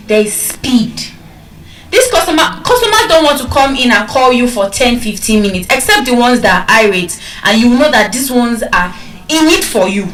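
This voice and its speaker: A woman with a Nigerian accent giving an animated speech to an audience, acting out customer calls as she tells stories. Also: on the high side. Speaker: public speaker. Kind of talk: motivational speech. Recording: echoey hall from far off.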